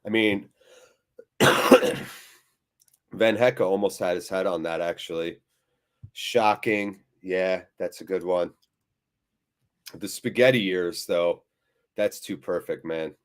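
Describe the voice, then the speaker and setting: A man's voice: sits low, slow pace, long pauses. A man hosting a live fan watchalong, reading viewers' chat aloud with jokey swearing and a weary, deflated tone.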